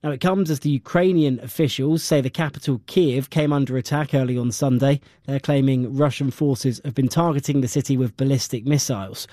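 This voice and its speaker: A man presenting the news, reading a script in a crisp, formal way. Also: medium pitch, steady tone, brisk, few pauses, warm tone, no room sound, studio quality.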